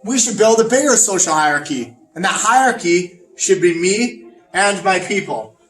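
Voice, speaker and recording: A pompous, boastful fascist, played by a man lectures with smug self-importance in a fairly high voice. The sound is roomy and echoing, taken from some distance off the mic. Faint music plays underneath. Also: animated, normal speed, fairly bright tone. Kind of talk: comedic educational role-play.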